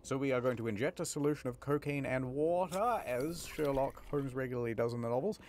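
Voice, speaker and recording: A comedy co-host who makes pompous, mock-detective deductions while commenting on a game. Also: male voice, mid-range voice, animated, brisk, darkish tone, slight background noise.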